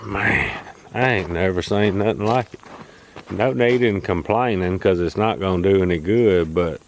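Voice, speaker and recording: A man's voice: sits low, darkish tone. A man, talking casually to camera about his farm work in a plain-spoken, folksy way. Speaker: farmer vlogger. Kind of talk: casual vlog talk to camera. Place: in a truck on rural roads. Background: car and engine noise.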